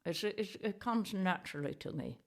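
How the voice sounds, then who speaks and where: A woman's voice: mid-range voice, normal speed, natural voice. A woman voicing a cheeky, crude male monkey puppet in ventriloquist banter, blunt, sweary and dryly mocking. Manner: dry and mocking.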